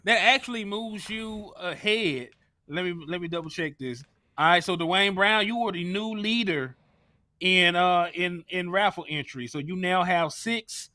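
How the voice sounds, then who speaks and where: A man's voice: high-pitched, unhurried, bright, forceful tone, no echo. A man co-hosting a casual sports talk stream, explaining stats in an easygoing way and thanking viewers for donations. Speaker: sports talk show co-host.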